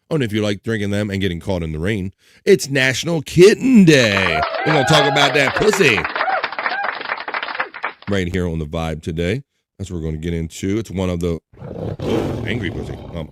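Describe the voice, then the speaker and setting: A man's voice: lowish voice, dry recording, clean studio sound. A man hosting a live stream, reading chat messages aloud and making crude jokes in casual banter. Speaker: livestream show host.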